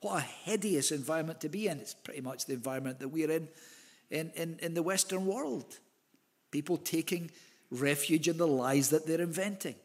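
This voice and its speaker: Earnest pastor preaching with slow emphasis. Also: male voice, a little high, darkish tone. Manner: earnest, emphatic, with slow stressed phrases and occasional repeated words. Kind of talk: sermon. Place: church.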